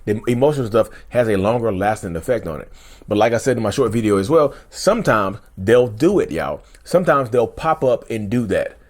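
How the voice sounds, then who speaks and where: A man's voice: fairly low pitch, expressive, brisk. Chatty man talking straight to camera. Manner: chatty, repetitive, says "y'all" often, emphatic. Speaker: YouTube host. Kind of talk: casual direct-to-camera talk.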